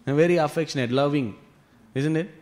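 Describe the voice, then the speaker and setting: Male scripture teacher, fairly high voice, lively storyteller with loose fillers. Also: a little fast. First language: Tamil. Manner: animated retelling with frequent "you know" fillers. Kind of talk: devotional storytelling class.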